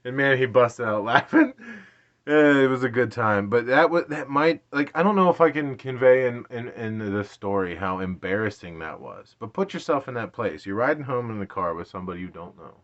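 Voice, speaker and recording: On a dull lo-fi recording, this late-30s male vlogger laughs frequently as he pokes fun at himself in casual storytelling. His mid-range voice is fairly bright and runs a little fast.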